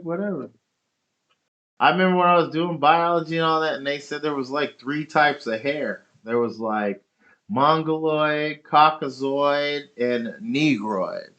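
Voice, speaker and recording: A man's voice: mid-range voice, fairly bright tone, highs cut off. A man talking casually on a stream, rambling and swearing as he tells an argumentative story.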